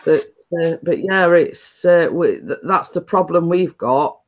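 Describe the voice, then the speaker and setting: A woman's voice: lowish voice, unhurried. A woman hosting a chatty live stream, telling stories in a rambling way with many restarts.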